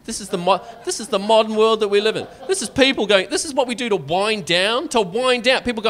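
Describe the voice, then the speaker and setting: A Scottish man performing stand-up comedy, sarcastic and animated, often tagging his lines with "right?". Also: high voice, fast talker, few pauses. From Scotland.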